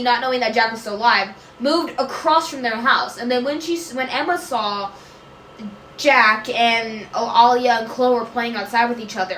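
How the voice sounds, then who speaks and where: Bright-voiced woman rambling in an echoey room. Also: a little high, a little hiss or hum. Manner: rambling, loses track and corrects herself, laughs often. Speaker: creator answering viewer questions. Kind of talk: casual Q&A chat.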